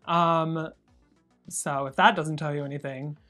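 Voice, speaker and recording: Young drag girl telling cruise stories, giggly and bubbly, lowish voice. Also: fairly even intonation, unhurried, fairly bright tone, faint music behind. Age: young adult. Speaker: guest, drag performer. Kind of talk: casual chat.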